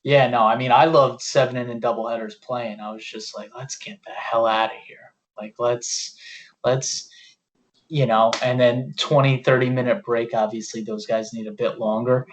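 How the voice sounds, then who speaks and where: A young man co-hosting a sports podcast, blunt and quick to swear. His voice is a plain, mid-pitched male voice. He likes to mimic other people's words in a mocking tone. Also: steady tone, slight background noise. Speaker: podcast co-host. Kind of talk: casual sports chat.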